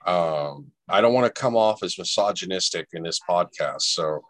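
Man, podcast host, low voice, dry close sound, blunt and advice-giving. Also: lively intonation, moderate pace, a bit bright, no room sound. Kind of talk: casual chat.

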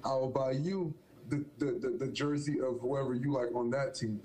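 A man co-hosting a casual football podcast, speaking deliberately as he lays out a bold prediction and a wager. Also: mid-range voice, fairly even intonation, warm tone, poor audio. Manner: deliberate, making bold claims. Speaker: podcast co-host, Vikings fan. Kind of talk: casual sports banter.

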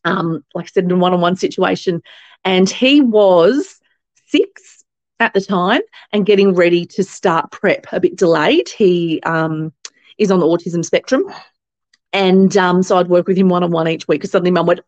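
This company founder, guesting on an interview podcast, speaks at normal speed in a lowish voice with an Australian accent. Her storytelling is chatty, with many fillers and restarts, and she animatedly quotes what others said in their voices. The audio sounds dry and dull.

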